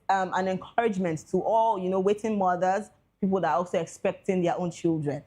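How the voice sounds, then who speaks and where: Hardly pausing at all, a young Nigerian entertainment news host rattles through casual celebrity gossip at a fairly quick clip. Her accent is Nigerian, she mixes pidgin into English, and her excitable delivery shows big swings in pitch and volume.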